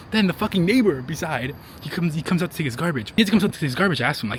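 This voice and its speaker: A young man talks straight to a handheld camera in a loose, profane, rambling way, with a voice of middling pitch. Clear street noise and traffic run behind him outdoors. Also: lively intonation, very fast. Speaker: travel vlogger. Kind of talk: casual travel vlog.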